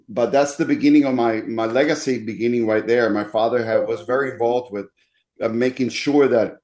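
A pastor tells his own story in an interview. His medium-pitched voice is earnest, and he often pauses with fillers as he speaks. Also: a little mellow. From Dominican Republic. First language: Spanish. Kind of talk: interview guest telling his life story.

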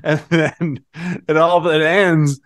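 A man with a slightly higher voice tells a story in casual chat. He laughs as he goes and acts out the people in the story with lively, shifting voices. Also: slow pace. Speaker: podcast co-host.

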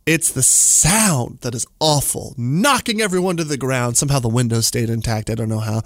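A man's voice: mid-range voice, normal speed, dry recording. Rambling forty-something man, dry studio sound. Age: 40s. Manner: rambling, full of "like" and chuckles. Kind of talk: casual storytelling monologue.

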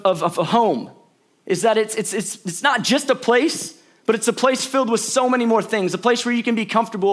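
A man's voice: high-pitched, a bit bright. A young man from St. Louis, a pastor preaching a sermon with chatty storytelling and playful asides to the congregation. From St. Louis, Missouri. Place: church auditorium before a congregation.

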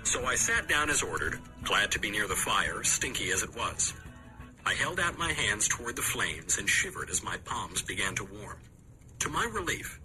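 A man narrating a fantasy story in the first person, in an expressive storyteller's manner. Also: mid-range voice, rough recording. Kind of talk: audiobook narration. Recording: narration over music.

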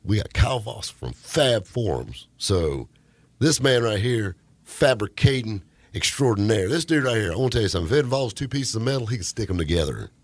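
A man hosts a car talk radio show from the studio, joking and bantering with his guests. His voice sits low and a little husky, with a lively, bouncing pitch. The dry, close studio sound keeps him right up front. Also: a little fast, no echo. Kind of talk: casual studio radio chat.

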